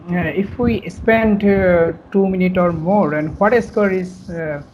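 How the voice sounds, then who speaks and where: A man from Bangladesh, a test candidate asking a question in halting English over an online call. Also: high-pitched, steady tone, a little mellow. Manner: hesitant, halting English with fillers. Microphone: online video call. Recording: dull lo-fi call audio with faint noise.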